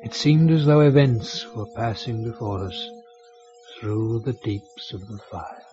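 A man narrating a radio drama in a measured, descriptive storytelling voice. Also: fairly low pitch, lightly acted. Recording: muffled lo-fi recording with music.

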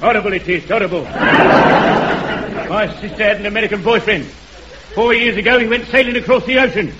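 A man's voice: high voice, moderate pace, close to an everyday voice. A man with a Cockney accent playing a wisecracking tailor and soapbox crank in a 1950s radio comedy, talking in a jaunty way. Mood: ranting. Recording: muffled old radio broadcast with loud hiss.

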